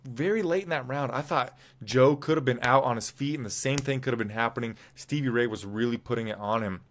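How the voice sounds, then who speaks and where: A man's voice: mid-range voice, a little fast, a bit bright. Opinionated man recapping fights. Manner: rambling, opinionated, self-correcting. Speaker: MMA show host. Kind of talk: casual fight recap commentary.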